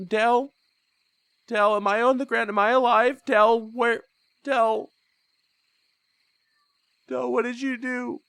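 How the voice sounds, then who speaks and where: A man's voice: high voice, a bit bright, dry recording, pitched above the performer's own voice, exaggerated voice. A man voicing a panicked young male ghost who repeats frantic questions.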